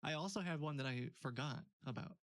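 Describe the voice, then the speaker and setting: A man's voice: a little high, brisk, no room sound. A man hosting a stream, chatting casually, laughing often, with many fillers. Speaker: streamer host. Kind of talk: casual chat.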